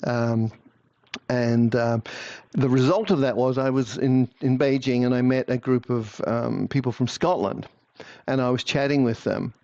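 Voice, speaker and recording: A man, a guest answering interview questions and telling stories in an animated way, often repeating words as he starts a phrase. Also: mid-range voice, a little slow, no echo. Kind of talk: conversational interview. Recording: dry, slightly dull lo-fi sound.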